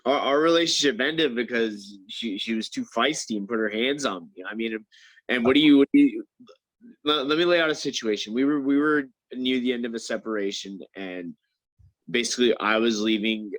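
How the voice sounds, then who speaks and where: Man, casual storyteller, mid-pitched, animated, restarts a lot, dry close mic. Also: moderate pace, no room sound, poor audio. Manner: animated, acts out quoted voices, stammers and restarts. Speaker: MMA fighter guest.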